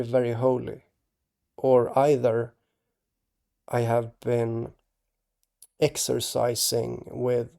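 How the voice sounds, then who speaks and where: A man hosting his own channel, talking to camera in a halting, earnest way, restarting his sentences and checking in with tag questions. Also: medium pitch, vocal fry, warm tone. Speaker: artist and channel host. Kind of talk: casual talk to camera.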